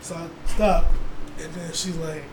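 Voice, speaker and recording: Animated young man telling stories. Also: on the high side, measured pace. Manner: animated storyteller, laughs often, mimics others. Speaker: podcast host. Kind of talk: casual chat. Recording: echoey room with noise.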